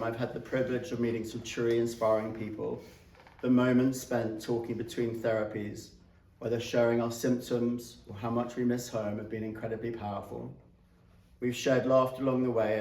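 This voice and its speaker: British man, earnest read speech, flat delivery, heard from a distance in an echoey room. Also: mid-range voice, creaky, a little hiss or hum. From Britain. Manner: earnest, with light self-mocking laughs. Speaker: patient giving a graduation speech. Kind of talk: read-out thank-you speech. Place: clinic room with a small audience.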